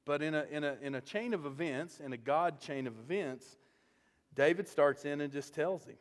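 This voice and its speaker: A male pastor preaching a sermon, animated as he tells a story and often checking in with "okay?". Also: on the high side, moderate pace, in a large hall.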